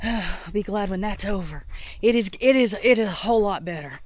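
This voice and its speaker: A woman's voice: mid-range voice, fairly quick, background noise. Sick woman rambling on her farm. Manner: rambling, thinking out loud with many restarts. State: sick, coughing and out of breath. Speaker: homestead vlogger. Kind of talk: casual vlog talk while doing farm chores. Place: outdoors on a farm.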